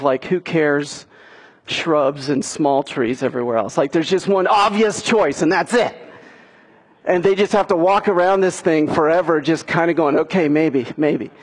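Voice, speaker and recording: A man's voice: a little high, husky. A man preaching a sermon as a pastor, earnest and pushing his points with emphatic questions.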